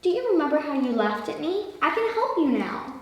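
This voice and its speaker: A woman's voice: high-pitched, very animated, fairly quick, pitched above the performer's own voice. A woman voicing a small, earnest male mouse in a storybook reading, eager and pleading, recorded from a distance in an echoey room.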